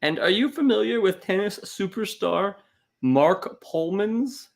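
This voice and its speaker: A man co-hosts a casual comedy show and tells stories with big swings in pitch. His voice sits fairly high for a man. He keeps breaking into loud, exasperated bursts. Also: lively intonation, measured pace, creaky. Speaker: podcast co-host.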